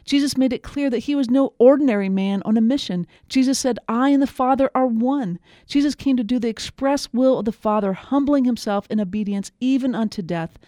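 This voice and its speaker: A woman preaching a devotional sermon, earnest and emphatic, slowing down on key phrases. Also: on the high side, mellow, no room sound, studio quality.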